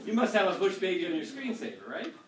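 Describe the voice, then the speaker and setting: A man's voice: high voice, wildly swooping pitch, fast, background noise. A male teacher lecturing to a class and telling a story against himself, rambling with many restarts and frequent laughs.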